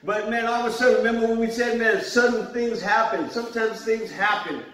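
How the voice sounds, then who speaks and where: A man's voice: very high-pitched, steady tone, a little fast, a bit bright. A middle-aged man preaching a sermon as pastor, telling stories conversationally and laughing along. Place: church hall. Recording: echoey church hall, mic at a distance.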